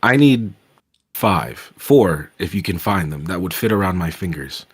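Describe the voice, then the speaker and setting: A man's voice: low-pitched, lively intonation, measured pace, husky, no room sound. A male player in a tabletop game, describing his actions with hesitant, stumbling restarts.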